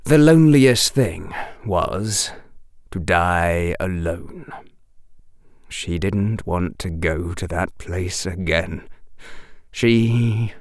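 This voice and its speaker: A man narrating a story as an audiobook reader, slow and emotive, dropping to a hush on dark passages. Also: low voice, no room sound, studio quality.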